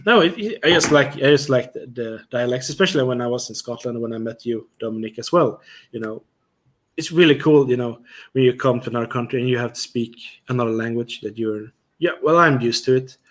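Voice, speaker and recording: A man's voice: medium pitch, fairly quick. A Swedish man with a Swedish accent, hosting a casual livestream chat with a lot of "you know" fillers. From Sweden. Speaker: livestream host.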